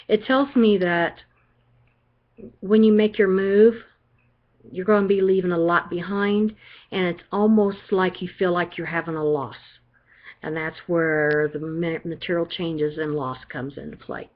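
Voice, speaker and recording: An older woman talks through a card reading in a low, homey voice. She reassures the listener and keeps checking in with "okay?". The recording sounds dull and lo-fi. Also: steady tone, slow. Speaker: psychic reader.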